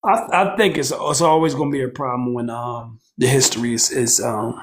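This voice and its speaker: Husky man in halting podcast chat. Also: medium pitch, fairly even intonation. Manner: halting, many fillers, earnest.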